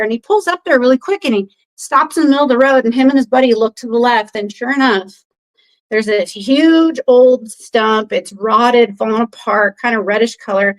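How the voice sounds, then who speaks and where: A podcast guest, a woman with a voice on the high side speaking at normal speed, rambles through a story in casual chat, full of fillers. She animatedly acts out other people's lines, and the recording is rough.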